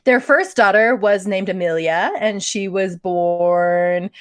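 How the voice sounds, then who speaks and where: A woman's voice: mid-range voice, slow, clear, resonant tone, dry recording. A woman co-hosting a podcast, telling a true crime story in casual chat, chatty and often breaking into laughter. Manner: giggly, chatty, trails into laughs. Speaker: podcast co-host.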